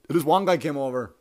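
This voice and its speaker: A man's voice: a little high, darkish tone, no room sound, clean studio sound. Laughing, profane Irish man telling stories. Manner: laughing, profane, rambling anecdotes. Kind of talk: casual storytelling.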